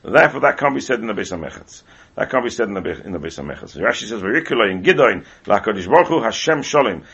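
A man teaching a Talmud class at a brisk clip, often repeating himself as he explains. His voice is gravelly and a little husky. The recording is dull and lo-fi. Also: fairly low pitch, animated, fairly bright tone. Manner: rapid, heavily repeats words while explaining.

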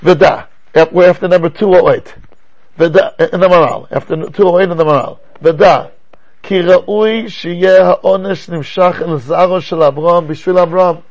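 An older man teaching a class as a rabbi, lecturing in an animated way and asking rhetorical questions. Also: high-pitched, a little slow, lo-fi sound.

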